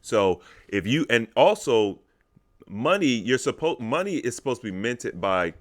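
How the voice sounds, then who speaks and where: A man's voice: mid-range voice, very animated, unhurried. A man co-hosting a podcast, explaining things at length in casual, emphatic chat. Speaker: podcast co-host.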